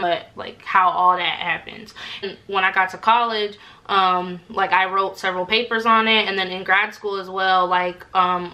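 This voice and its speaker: A woman in her twenties from Alaska, chatting casually to camera at home and telling stories with lots of fillers. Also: mid-range voice. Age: 20s. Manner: animated, talks with lots of fillers. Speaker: vlogger. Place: home room.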